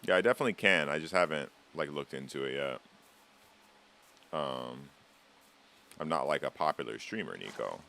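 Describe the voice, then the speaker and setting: A man with a low, deep voice talks casually to his chat while he plays a game on a live stream. His talk rambles and teases, with easy swearing throughout. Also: lively intonation, normal speed, vocal fry, long pauses, pushed and bright.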